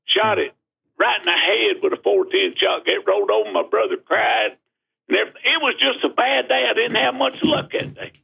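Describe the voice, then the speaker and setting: Gravelly man telling a story over the phone. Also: sits high, moderate pace. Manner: rambling, animated, country-spoken. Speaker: caller. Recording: tinny phone line.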